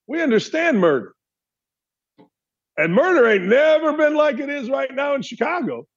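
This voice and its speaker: A man's voice: very high-pitched, animated, normal speed, dull audio. A man hosting a sports talk show, delivering a heated, opinionated monologue full of rhetorical questions. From Gary, Indiana area.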